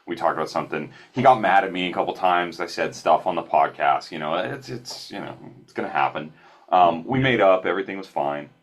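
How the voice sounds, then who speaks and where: A man guest on a podcast, telling stories casually over a remote call, animated and self-deprecating with frequent restarts. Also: sits low, brisk, slightly rough.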